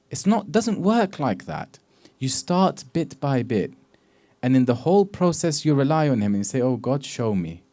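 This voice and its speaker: A man delivering a sermon in a mid-range voice. He builds his points through stories and acted dialogue, mixing in Arabic quotations. His volume swings from hushed, reflective lines to loud, emphatic ones. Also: medium pitch, big pitch swings, moderate pace. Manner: storytelling lecture with acted dialogue and Arabic quotes. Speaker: Islamic preacher.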